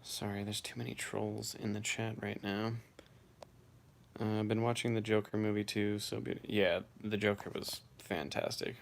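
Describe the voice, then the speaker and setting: A man with a somewhat low voice and a gravelly, fry-edged texture hosts a casual live stream. He reads viewers' comments aloud one after another and answers each in a relaxed, offhand way. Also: normal speed, slight background noise. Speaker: live-stream host reading chat.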